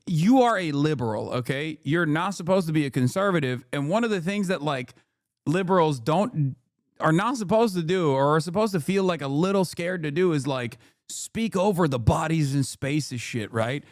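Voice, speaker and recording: High-voiced man ranting on stream. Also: no room sound, clean studio sound. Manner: animated, swearing, laughing, mocking. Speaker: streamer reacting to a clip. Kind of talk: profane live-stream reaction rant.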